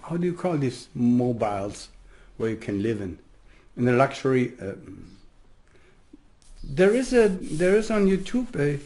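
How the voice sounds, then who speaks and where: A man with a German accent giving a rambling spiritual talk as a teacher, laughing often and swinging from soft asides to loud declarations. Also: a little high.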